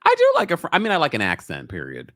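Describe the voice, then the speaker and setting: A man's voice: fairly high pitch, wildly swooping pitch, racing, a bit bright, dry recording, studio quality. A man with an American accent, a guest in a casual chat who jokes around playfully and laughs often.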